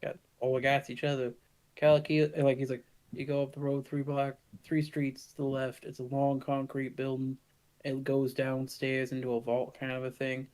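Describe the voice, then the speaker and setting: A man voicing a crude male fishman thug who talks gruff street slang. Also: medium pitch, monotone, moderate pace, a little mellow, natural voice.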